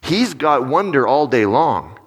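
A man preaching a sermon in a conversational way. He asks his listeners questions and turns animated when he acts out little stories. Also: mid-range voice, measured pace, husky. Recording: long reverb of a large hall.

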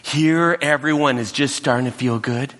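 A man's voice: medium pitch, normal speed, fairly bright tone, pitched above the performer's own voice, natural voice. A man voicing an impressed male master of ceremonies at a wedding, speaking in effusive, exclaiming praise. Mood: delighted. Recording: reverberant hall.

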